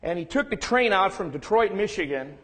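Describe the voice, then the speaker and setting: A man's voice: high-pitched, expressive, brisk, a bit bright. Self-deprecating man lecturing in a reverberant room. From California, United States. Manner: candid, self-deprecating, humorous. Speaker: guest lecturer. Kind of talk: public lecture with storytelling.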